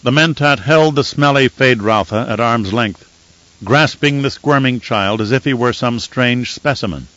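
A man reading a novel aloud as an audiobook narrator, in measured, even storytelling. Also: mid-range voice, no room sound. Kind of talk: scripted narration. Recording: dull lo-fi dry audiobook recording.

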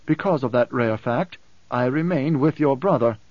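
A man reading an audiobook, voicing a composed, wry man who speaks in a measured, deliberate way. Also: medium pitch, no room sound, muffled recording, natural voice. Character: calm, cool-headed man, dryly amused.

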